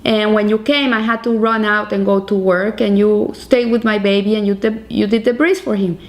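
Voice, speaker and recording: A woman giving voice to a hurried young mother, with urgent, insistent questioning, while retelling a story in a sermon. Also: mid-range voice, steady tone, lightly acted. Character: hurried young Israeli mother, frantic then pleading.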